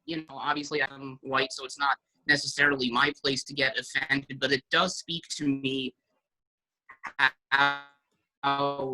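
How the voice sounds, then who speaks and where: Bright-voiced man, halting and full of fillers. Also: mid-range voice, low-quality recording. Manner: hesitant, many fillers, thinking aloud. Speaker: podcast guest. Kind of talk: casual podcast chat.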